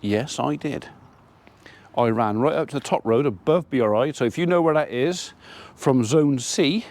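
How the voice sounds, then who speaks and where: A man's voice: mid-range voice, moderate pace, a little mellow, no echo. A man, a farmer, chatting casually to camera as he tells a rambling story about his day. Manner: chatty, rambling anecdote with quoted dialogue. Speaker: farmer vlogger.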